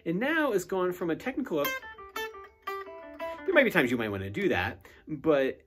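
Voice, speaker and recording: A man giving a guitar student recorded feedback in a relaxed way, with many fillers, counting picking strokes aloud and humming rhythms. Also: on the high side, normal speed. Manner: hums and scats rhythms while demonstrating. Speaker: guitar teacher. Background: guitar playing between phrases.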